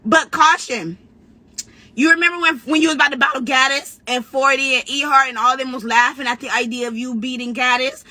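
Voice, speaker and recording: A woman battle rapper in a brash, profane, trash-talking rant, talking casually and quickly. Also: sits high, fairly even intonation, sharp tone, no room sound. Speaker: battle rapper giving commentary.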